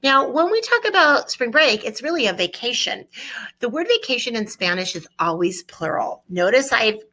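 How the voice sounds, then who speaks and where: Woman teacher, bright ringing voice, upbeat, drills phrases slowly for students. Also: on the high side, sing-song. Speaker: Spanish teacher. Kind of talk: online classroom lesson.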